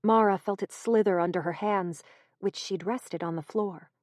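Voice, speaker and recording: A woman reading a horror audiobook in a measured, even storytelling manner, close to the mic. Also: medium pitch, dry recording. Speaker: audiobook narrator. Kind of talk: scripted narration.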